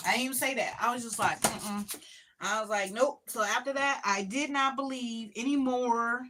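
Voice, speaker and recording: A middle-aged woman chatting casually as a guest, telling animated stories and acting out the people in them. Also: on the high side, normal speed, background noise. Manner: animated storyteller, acts out quotes. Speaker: guest, the host's mother. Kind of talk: casual chat.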